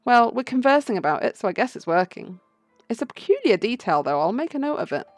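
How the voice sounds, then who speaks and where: Woman voicing a calm, probing bird lawyer in a game read-through. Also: fairly high pitch, fast, faint music behind. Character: composed male bird attorney, lead investigator. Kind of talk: game playthrough read-aloud.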